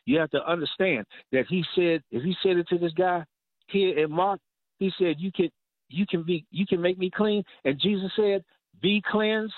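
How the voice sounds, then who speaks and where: A man's voice: sits high, moderate pace, dry recording. A man preaching a sermon, emphatic and repeating phrases for stress. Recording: dry, tinny phone-like sound.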